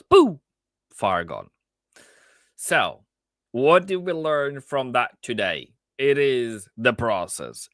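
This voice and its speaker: A man trader on a live stream, chatting casually about his trades with animated repeats, asides and laughs. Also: mid-range voice, dry recording.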